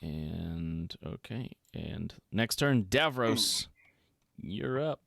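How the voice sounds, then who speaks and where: A man's voice: sits low, expressive, very slow, creaky, a bit bright, no room sound, clean studio sound. A man running a live tabletop game as dungeon master, explaining rules and rulings. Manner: rules-focused, explanatory, laughs easily.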